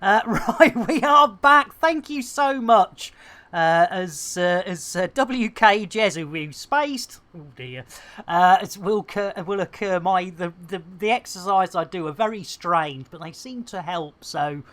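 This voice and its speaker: A woman's voice: lowish voice, expressive, unhurried. Lady streaming a game, goofy and chatty, lots of slang jokes. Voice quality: chatty, playful, full of slang and silly asides. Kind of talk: casual live-stream chat.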